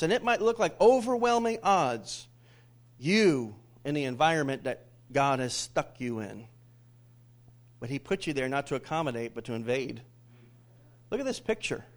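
A middle-aged man preaching with a slightly high voice. He leads his congregation in call-and-response, rising to loud declarations and dropping to near-whispers. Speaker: pastor. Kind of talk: sermon.

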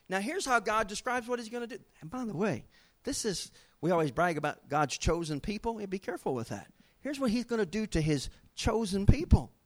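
A middle-aged man preaching a sermon, telling stories with dramatic swings in pitch and loudness. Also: animated, normal speed. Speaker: pastor.

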